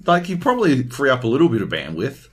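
A man talking on a casual gaming podcast, his pitch swinging widely as he tells stories. He swears freely and slips into quoted voices as he goes. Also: huge pitch swings, fast, husky. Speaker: podcast co-host.

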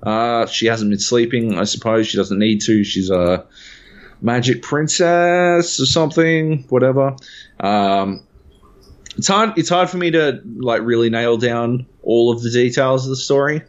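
A man's voice: medium pitch, normal speed, muffled recording. A man co-hosting a games podcast as a critic, ranting in an exasperated, profane way in casual chat. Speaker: podcast co-host, game critic.

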